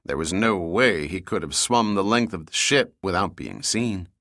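Low-voiced male audiobook narrator. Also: expressive, normal speed, a bit bright, no echo, studio quality.

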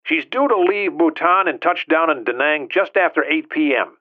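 A man voicing a calm, matter-of-fact male operations chief speaking on a phone line in an audiobook. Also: a little high, normal speed, voice pushed up. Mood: businesslike. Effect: phone filter. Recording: narrow tinny phone line.

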